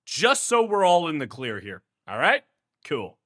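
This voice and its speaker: A man's voice: a little high, huge pitch swings, measured pace, a bit bright. A playful, goofy young man with a Houston accent, chatting casually with his stream viewers in heavy slang and laughing often.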